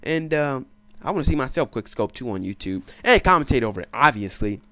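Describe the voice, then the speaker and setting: A man's voice: medium pitch, animated, a little fast, bright, forceful tone, dry recording. A man doing casual gameplay commentary, boastful and swaggering, swearing freely and laughing at his own stories. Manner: profane, laughing storyteller. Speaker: gaming commentator.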